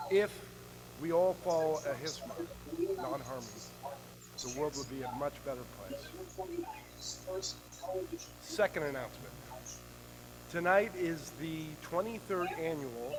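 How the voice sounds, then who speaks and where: A man gives announcements at a club meeting in an earnest, promotional tone, his voice pitched a little high. Clear background noise from the room runs under him. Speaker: club member making announcements.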